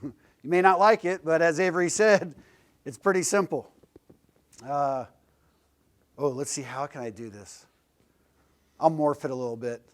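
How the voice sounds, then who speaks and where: A man's voice: fairly high pitch, unhurried, long pauses. A man giving a casual, joking motivational talk as a guest speaker to a class, blunt and a little profane. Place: classroom lecture.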